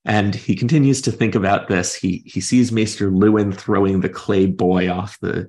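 A man's voice: lowish voice, fairly even intonation, moderate pace, a little mellow. A man hosting a podcast, thoughtfully discussing a book and retelling its chapters at length in his own words. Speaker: podcast host.

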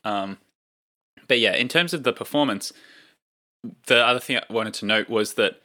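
A man's voice: medium pitch, moderate pace, bright, forceful tone. A man co-hosting a casual chat, rambling with many fillers. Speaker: podcast co-host.

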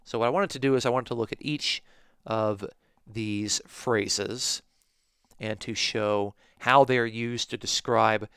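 A man teaching a Bible lesson in a measured, emphatic way, stressing key words. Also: fairly low pitch, steady tone, fairly bright tone, clear, resonant tone, no room sound, clean studio sound. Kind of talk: scripted teaching podcast.

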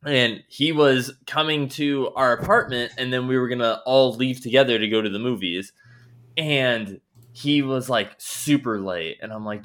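A man's voice: mid-range voice, normal speed, fairly bright tone. A man co-hosting a casual podcast chat, telling a story with lots of swearing and laughter. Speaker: podcast co-host.

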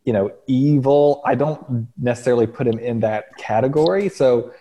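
A man's voice: mid-range voice, moderate pace, dark tone. A man co-hosting a podcast, talking casually in a rambling, hesitant way. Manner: rambling, hesitant, lots of fillers. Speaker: podcast co-host. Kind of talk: casual chat.

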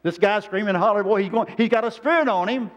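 A man's voice: sits high, fast. A man preaching a sermon, telling rambling stories in a folksy, plain-spoken way. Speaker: pastor. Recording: dull lo-fi sermon recording.

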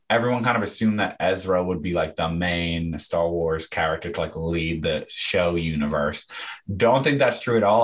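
A man's voice: low voice, fairly bright tone. A young man co-hosting a casual fan chat, rambling with fillers and restarts. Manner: rambling, many fillers and restarts, laughs often. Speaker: podcast co-host.

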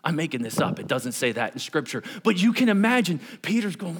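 A man preaching a sermon to his congregation, animated and conversational, acting out Bible characters in everyday voices. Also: a little high, brisk, few pauses, breathy edge. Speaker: pastor.

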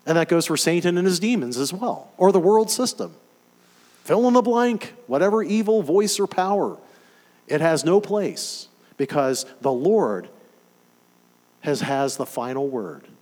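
A man delivering a sermon in a fairly high voice that swings widely in pitch. He preaches with emphatic, animated conviction and keeps asking his congregation questions. The sound carries a long hall reverb. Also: unhurried.

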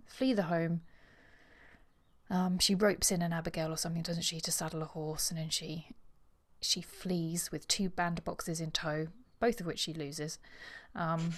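A woman co-hosting a podcast, talking in a chatty, hesitant way about a novel, with frequent ums. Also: on the low side. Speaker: podcast co-host. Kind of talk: casual book chat.

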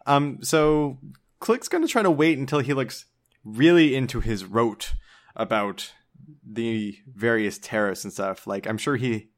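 A man playing a tabletop role-playing game, chatty and casual. He thinks out loud, full of "like" and "um", as he plans his moves. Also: mid-range voice, unhurried. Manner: casual, thinking aloud, frequent "like". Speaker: player.

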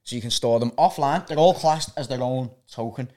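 A man with a Liverpool accent talks in a relaxed podcast conversation. He explains step by step, running on and going off on tangents, at a middling pitch. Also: a little fast. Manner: explains at length, self-taught enthusiast. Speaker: guest explaining crypto tokens. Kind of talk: casual podcast chat.

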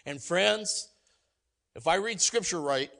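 A man preaching a sermon, energetic and emphatic, swinging from loud exclamations to quiet asides and acting out quoted lines. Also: high voice, slow pace, creaky. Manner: acts out quoted voices and jokes with the congregation. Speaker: pastor.

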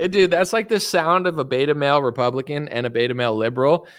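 A man's voice: a little high, quick pace, no echo. A man giving rambling, sarcastic political commentary in a solo vlog, full of "it's like" and mocking quotes.

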